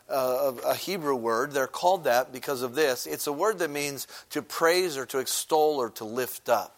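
A man preaching a sermon in a conversational teaching manner, using many filler words and asking the congregation questions as he explains. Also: fairly high pitch. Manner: briefly sings a short chorus.

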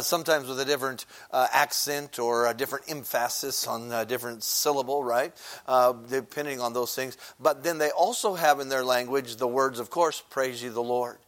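A man's voice: on the high side, fairly bright tone. A man preaching a sermon in a conversational teaching manner, using many filler words and asking the congregation questions as he explains. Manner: briefly sings a short chorus.

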